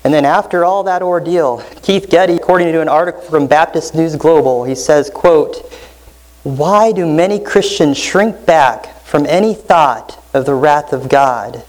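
A man preaching a sermon as pastor, earnest and emphatic, slowing down to stress key phrases. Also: on the high side, a little mellow, poor audio.

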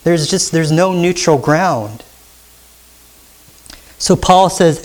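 A man's voice: on the high side, expressive, slow, long pauses. A pastor preaching an expository sermon, emphatic and teacherly, asking the congregation questions as he goes.

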